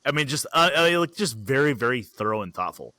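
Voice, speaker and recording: A man's voice: mid-range voice, big pitch swings, brisk, bright, forceful tone, no echo. A man co-hosting a podcast, telling a story in loose casual chat full of fillers. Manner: rambling storyteller, filler-heavy. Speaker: podcast co-host.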